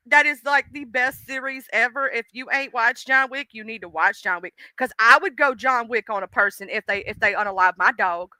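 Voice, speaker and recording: Bright, animated woman live-streaming. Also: on the high side, normal speed, hardly any pauses, dry recording. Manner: animated, chatty, drawls and curses casually. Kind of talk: casual live-stream chat.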